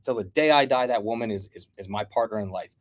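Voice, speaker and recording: A middle-aged American man telling blunt, animated stories as a guest in a casual chat. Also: fairly low pitch, fast. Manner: animated storyteller, blunt and combative.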